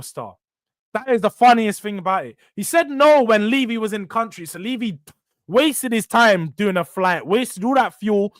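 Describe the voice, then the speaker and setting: A man's voice: on the high side, no room sound. A young man hosting a casual football fan vlog, bantering and reacting to viewer comments. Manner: banter-heavy, animated, trash-talking rivals. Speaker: football channel host.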